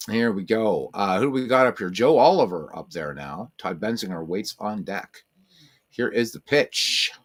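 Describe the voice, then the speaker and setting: A man's voice: expressive, normal speed. A man calling a tabletop baseball game in a casual play-by-play style, as if he were an announcer. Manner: mock announcer calls, talks to his cats in a high, cooing voice.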